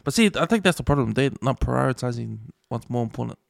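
A New Zealand man with a gravelly, creaky voice makes his points plainly in casual podcast talk. His voice sits mid-range and sounds dry and close to the mic. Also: medium pitch, animated, fast talker, no room sound. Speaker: podcast co-host. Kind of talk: casual chat.

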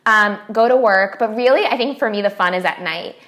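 A woman's voice: medium pitch, a little fast, fairly bright tone. An American woman who is a podcast guest, chatting in a friendly, upbeat way and laughing often. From United States. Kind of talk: casual chat.

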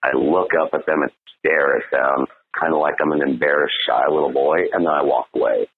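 A man's voice: rumbling low, fairly even intonation, a little fast. A man coaching on dating in a blunt, profane monologue, asking "right?" as he goes. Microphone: phone. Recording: tinny phone line.

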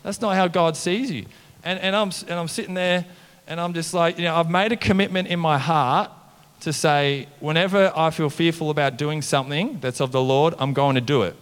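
Animated male pastor in a reverberant hall. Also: a little high, moderate pace, clean tone. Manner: animated, conversational preaching with mimicked voices and "come on" refrains. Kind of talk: sermon.

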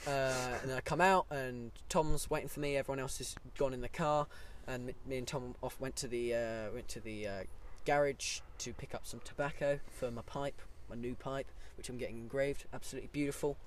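A man's voice: medium pitch, steady tone, brisk, hardly any pauses. A man tells a rambling drinking story on a podcast. He talks in a loose, unpolished way and swears often. Faint noise sits under his voice. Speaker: podcast co-host. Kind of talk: casual drinking banter.

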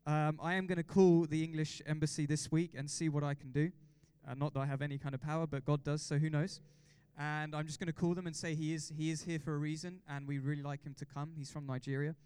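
High, clear-voiced excitable male pastor. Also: quick pace, hardly any pauses, no echo. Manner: excitable, exhorting congregation with repeated questions. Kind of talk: sermon.

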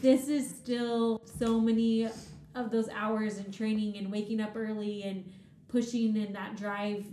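A woman's voice: medium pitch, little pitch movement, unhurried, warm tone, echoey room, a little hiss or hum. A woman interviewer talking in an emotional, chatty way in a casual conversation.

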